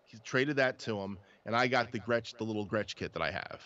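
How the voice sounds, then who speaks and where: Over dull, lo-fi livestream sound, a New Jersey drummer and podcast host talks drums in a low-ish, brisk, bright and forceful voice. His stories ramble on at length, and he keeps starting them over.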